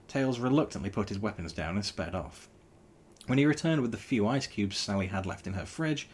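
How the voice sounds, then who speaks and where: A man reading a novel aloud in a wry, animated storytelling style. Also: low-pitched, slight background noise.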